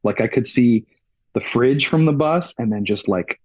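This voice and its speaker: A man's voice: medium pitch, normal speed, darkish tone, dry recording, lo-fi sound. A man who works on a touring crew, a podcast guest, telling a story casually and retelling the events through many quoted exchanges.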